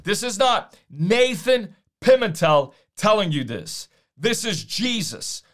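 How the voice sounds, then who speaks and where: A man preaching a sermon, emphatic, slowing down to repeat key lines. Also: high-pitched, sing-song, fairly bright tone.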